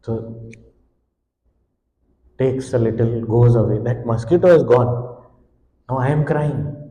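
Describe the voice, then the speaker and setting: A man, a swami, giving a devotional discourse on a hymn, with expressive storytelling that sometimes speaks in the voice of a helpless infant. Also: medium pitch, takes it slowly. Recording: echoey hall.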